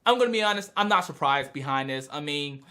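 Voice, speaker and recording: A man casually reviewing a manga chapter, animated and excitable as he retells scenes. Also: on the high side, fast. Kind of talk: casual video review chat.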